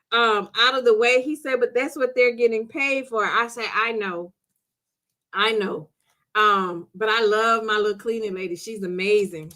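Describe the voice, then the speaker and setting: A middle-aged woman hosts a live stream, reading viewer comments and chatting casually while laughing often. Her voice sits a little high, with a bright, forceful tone, and she addresses viewers directly as "girl" and "sis."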